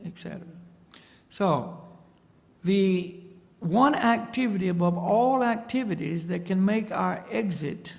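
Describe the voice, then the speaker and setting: A man's voice: fairly high pitch, gravelly, darkish tone, long reverb tail. A man, a spiritual teacher, telling a story in a lecture to an audience and often checking in with a questioning "see?". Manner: tags points with a questioning "see?".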